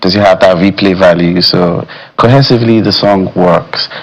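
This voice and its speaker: A man speaking as a music critic in a studio discussion, measured and thoughtful, often saying "you know". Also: sits low, steady tone, gravelly, rough recording. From Nigeria.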